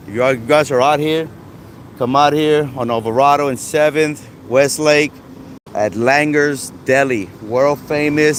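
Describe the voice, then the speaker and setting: A man's voice: mid-range voice, fairly bright tone. Man, street vlogger, walking livestream, casual rambling talk, phone mic outdoors, faint traffic behind. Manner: casual, rambling, lots of "you guys" and "you know". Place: outdoors in a city park by traffic.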